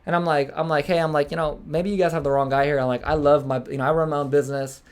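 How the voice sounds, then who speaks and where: A man's voice: on the high side, clear, resonant tone. A young man hosting a podcast, telling a story in casual chat, acting out quotes and swearing freely. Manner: fast, animated, swears freely, acts out quotes. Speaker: podcast host.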